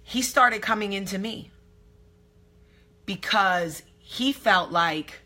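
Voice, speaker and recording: Woman vlog host, brash and salty storyteller, bright with a husky grain. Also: medium pitch, slow. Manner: brash, profane, animated storytelling. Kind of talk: candid storytelling to camera.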